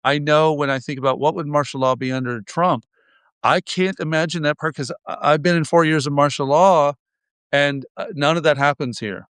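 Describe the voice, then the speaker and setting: A man's voice: a little high, fairly even intonation, moderate pace, fairly bright tone, clean tone, dry recording. A man hosting a podcast, talking in a wry, rambling way with frequent restarts. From United States. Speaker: podcast host. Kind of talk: casual podcast conversation.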